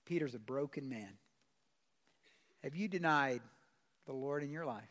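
A man's voice: mid-range voice, unhurried, fairly bright tone. A man pastor preaching a sermon in a church service. He talks casually, uses slang and puts questions to the congregation. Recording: long hall reverb.

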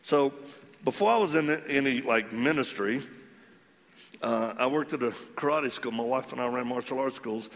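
A man preaching a storytelling sermon, animated and acting out the voices of the people in his story. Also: mid-range voice, normal speed, long reverb tail. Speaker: ministry leader speaking to men.

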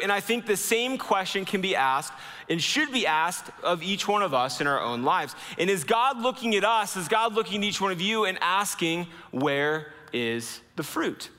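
Bright-voiced man preaching in a reverberant hall. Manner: earnest preaching, slowing and dropping low for emphasis. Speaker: pastor. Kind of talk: sermon.

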